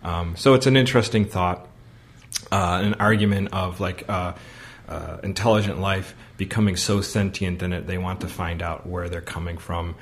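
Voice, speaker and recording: Rambling low-voiced podcast co-host man. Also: steady tone. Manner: rambling, full of fillers and quick laughs. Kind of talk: casual chat.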